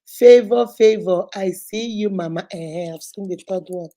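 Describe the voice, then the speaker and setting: A woman in her fifties hosts a relaxed live stream. Her voice is mellow and sits at an ordinary pitch. She chats casually, laughs often and greets her viewers one by one. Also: unhurried. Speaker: host.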